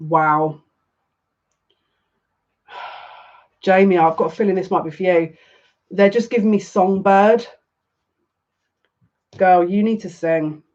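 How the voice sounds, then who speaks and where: A woman's voice: on the low side, steady tone, slow pace, long pauses, darkish tone, muffled recording. Chatty, dramatic woman tarot reader. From half Turkish. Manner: chatty, dramatic and self-mocking. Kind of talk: casual live-stream reading.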